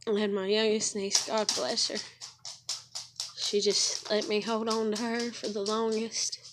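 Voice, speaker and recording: A woman filming a personal vlog at home, talking softly and soothingly to her dogs between telling her story. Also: medium pitch, flat delivery, a little slow, over loud music. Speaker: vlogger. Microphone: handheld camera. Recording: dog panting and clicks in background.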